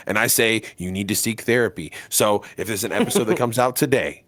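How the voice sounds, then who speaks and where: A man co-hosting a podcast, joking around in casual banter while pitching its membership perks. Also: brisk, few pauses, fairly bright tone, dry recording. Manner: jokey, goofy, slips into put-on voices. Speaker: podcast co-host.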